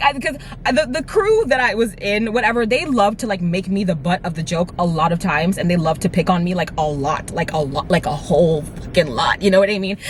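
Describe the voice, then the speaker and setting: Young adult storyteller, mid-pitch, rapid and animated, filler-heavy, casual profanity. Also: a little hiss or hum. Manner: fast, rambling retelling full of "like" and "right?"; animated, swears freely. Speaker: vlogger. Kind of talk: storytime vlog.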